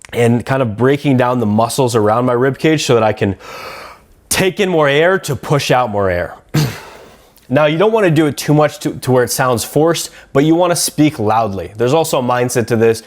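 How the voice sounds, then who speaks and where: A man coaching viewers through voice exercises in a calm, steady instructional talk. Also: medium pitch. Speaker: dating coach.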